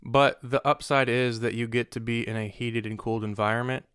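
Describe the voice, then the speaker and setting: A man's voice: medium pitch, fairly even intonation, brisk, a bit bright, clean tone, no echo, studio quality. A young man tells a casual story as a vlogger. He rants about customers in an exasperated way. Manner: exasperated, ranting.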